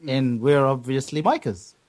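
A man's voice: medium pitch, moderate pace. A Māori-speaking man hosting a casual podcast, rambling and joking. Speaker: podcast host.

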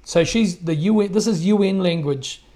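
A man's voice: high voice, normal speed, mellow. A man hosting a podcast, giving indignant, emphatic commentary on played clips and often repeating himself. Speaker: podcast host.

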